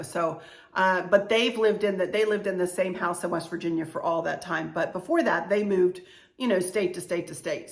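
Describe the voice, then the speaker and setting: A woman in her sixties chatting casually as she shows off purchases and family heirlooms at home, gushing about everything being cute. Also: mid-range voice. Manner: chatty, gushing, frequent "you know" and "cute". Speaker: home decor vlogger. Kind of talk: casual show-and-tell vlog. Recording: echoey room.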